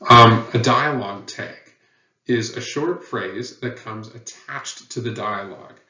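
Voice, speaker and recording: A man's voice: fairly low pitch, measured pace, crowd noise. A man teaching a lesson on writing rules, patient and plain, with many fillers. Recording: dull, roomy sound from a distant mic.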